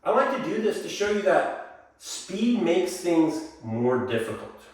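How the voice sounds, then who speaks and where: Male dance teacher, singsong counting, lively pitch, slow unhurried delivery, echoey studio, distant from the mic. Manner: calls counts in a singsong rhythm. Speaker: dance instructor. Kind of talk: dance lesson, counting out drills.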